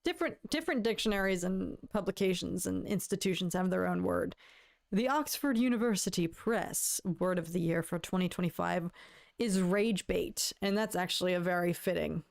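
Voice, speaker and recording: With a lowish voice full of vocal fry, a livestream host chats with her audience at normal speed. She rambles casually, stammers into restarts, and laments in a playful, mock-dramatic way.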